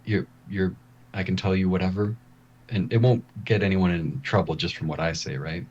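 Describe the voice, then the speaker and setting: A man voicing a shy, nervous young woman who speaks quietly and stammers. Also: low-pitched, fairly even intonation, moderate pace, husky, muffled recording.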